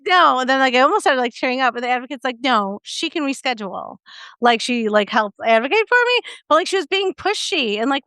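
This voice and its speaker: A woman's voice: high voice, very animated, fairly quick, pushed and bright, no room sound. A young adult woman co-hosting a podcast in casual chat, telling a story animatedly with lots of fillers and acted-out quotes. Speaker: podcast co-host.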